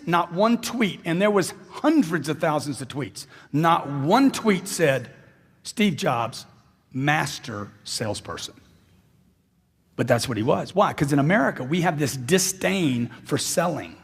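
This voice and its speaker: A man delivers a motivational speech to a crowd in a large hall, his voice pitched high and swinging widely as he hammers points home by repeating them. His tone carries a husky edge, and the room adds a long, trailing reverb. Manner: animated, repeats lines for emphasis and acts out dialogues. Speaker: motivational speaker. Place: large hall with live audience.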